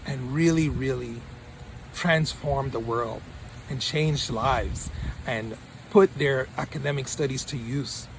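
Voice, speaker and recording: A man's voice: fairly high pitch, a little hiss or hum. A male mentor giving a motivational talk to camera, emphatic and repeating his points for punch. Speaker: study-abroad mentor.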